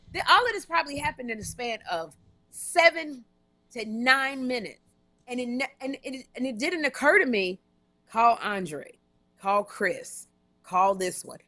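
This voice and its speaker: A woman co-hosting a comedy podcast live stream, telling a long story in an animated, run-on way with frequent restarts and blunt jokes. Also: on the high side. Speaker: podcast co-host.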